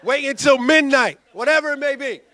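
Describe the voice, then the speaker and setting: A male pastor, preaching a sermon in an animated way and acting out quoted voices. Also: very high voice, a little fast. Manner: animated, acts out quoted voices, loud bursts.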